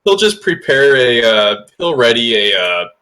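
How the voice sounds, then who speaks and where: A man playing a tabletop game, relaxed, narrating his character in third person. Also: mid-range voice, unhurried, poor audio. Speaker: player.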